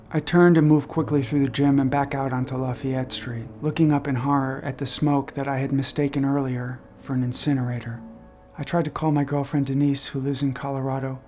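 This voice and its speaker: A man reading aloud a personal essay he wrote, recounting it in a measured, subdued first-person voice. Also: mid-range voice, a little mellow. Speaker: essay author reading his own memoir.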